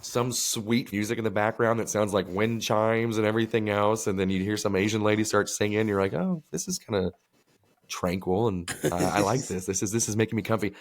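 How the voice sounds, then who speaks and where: A man's voice: on the low side, steady tone, a little fast. A man co-hosting a podcast, telling rambling, profane stories in casual chat. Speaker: podcast co-host.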